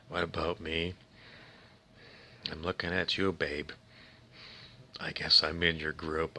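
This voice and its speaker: Deep-voiced, forceful male speaker. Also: fairly even intonation, moderate pace, long pauses, slight background noise. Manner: theatrical, dramatic, swings to whispers. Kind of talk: theatrical motivational talk.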